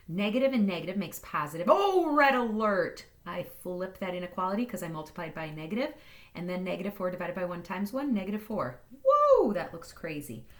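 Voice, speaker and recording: A woman math teacher walking through inequality problems in a recorded lesson, upbeat and playful, talking fast. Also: fairly low pitch.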